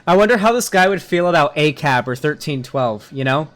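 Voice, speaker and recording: A man's voice: a little high, expressive, a little fast, a bit bright, faint music behind. A man casually reacting to a video clip, mocking it and swearing freely. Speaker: political commentary youtuber.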